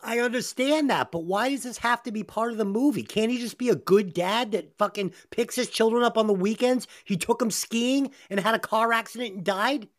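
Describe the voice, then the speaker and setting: A woman hosting a casual movie review podcast, talking in an animated, emphatic way with lots of swearing. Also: a little high, fairly quick, few pauses. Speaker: podcast host.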